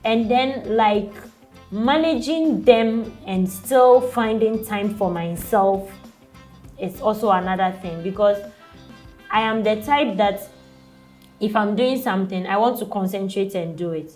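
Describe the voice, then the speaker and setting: A woman's voice: mid-range voice, a little slow, a little mellow, soft background music. A young woman with a Ghanaian English accent, a mother talking casually in an interview, with lots of "like" and light laughs. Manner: chatty, peppered with "like" and laughs. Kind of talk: casual chat.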